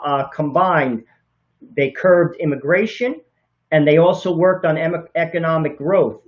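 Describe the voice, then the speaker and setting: A man co-hosting a political talk show in a slightly high voice. He argues earnestly, now and then stumbling over words and correcting himself. The audio has a slightly dull, lo-fi quality. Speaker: co-host.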